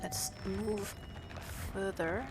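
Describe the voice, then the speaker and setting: A woman giving quiet, offhand gameplay commentary, mumbling to herself as she plays. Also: mid-range voice, steady tone, drawn-out words, loud music behind the voice. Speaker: gameplay streamer.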